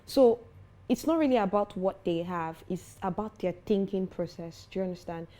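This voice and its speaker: A woman's voice: mid-range voice, normal speed. A young adult woman, a foundation founder, talking earnestly and confidently as an interview guest. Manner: earnest, confident, animated when telling stories. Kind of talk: interview conversation.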